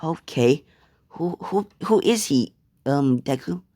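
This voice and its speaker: A woman's voice: low voice, lively intonation, takes it slowly, a little mellow, no room sound, studio quality, full character voice. A man voicing a flustered middle-aged mother who stammers, in a fan-made storytime.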